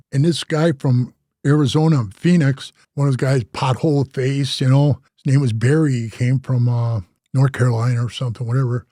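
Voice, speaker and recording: An older man who once served as a biker club president tells his life story in casual talk, acting out the other people in it and saying "bro" a lot. His mid-range voice is recorded dry with clean studio sound.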